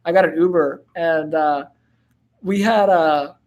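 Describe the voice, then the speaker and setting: A man's voice: fairly high pitch, measured pace, darkish tone, muffled recording. A man in his twenties hosting a casual live-stream Q&A, laid-back and slangy, with lots of fillers and laughs. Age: 20s. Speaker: host answering viewer questions.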